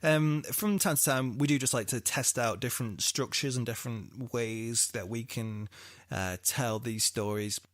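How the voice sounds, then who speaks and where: A man's voice: medium pitch, moderate pace, a bit bright, no echo, clean studio sound. A British man co-hosting a podcast in casual, jokey chat with a lot of swearing and laughter. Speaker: podcast co-host.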